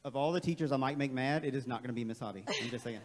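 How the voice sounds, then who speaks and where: A man leading a playful, energetic, interactive staff training workshop in a large auditorium. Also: medium pitch, rapid-fire. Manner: playful, energetic, calls on the crowd. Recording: long hall reverb.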